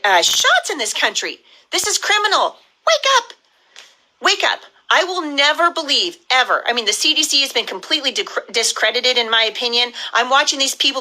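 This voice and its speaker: A woman's voice: fairly high pitch, bright, forceful tone, poor audio. A middle-aged woman from the US Pacific Northwest, giving a fiery, indignant live-stream address as a political candidate.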